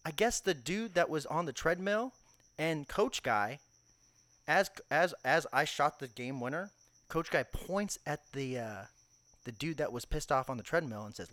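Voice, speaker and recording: A man's voice: a little high, fairly bright tone, no echo. A man on a casual podcast telling a long story, acting out the quotes and swearing freely. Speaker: podcast co-host.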